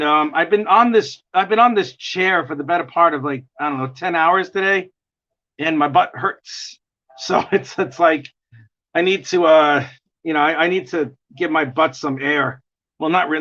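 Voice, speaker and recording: A man's voice: on the high side, pushed and bright. A man livestreaming his drawing, chatting casually in a rambling, jokey way and often correcting himself. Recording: dull lo-fi stream audio.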